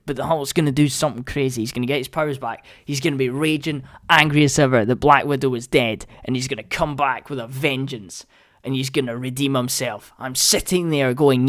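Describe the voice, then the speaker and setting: A man's voice: mid-range voice, no echo, clean studio sound. A young man hosting a solo podcast, ranting in an exasperated, sarcastic way. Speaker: podcast host.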